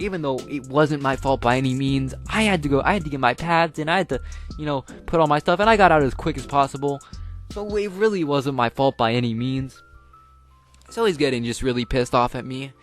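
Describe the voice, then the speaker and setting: A teenage boy tells a story in a loose, rambling way, full of filler words and restarts. His voice sits at an ordinary middle pitch. Faint music plays underneath. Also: fairly quick. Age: teens. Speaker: vlogger. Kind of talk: casual storytime.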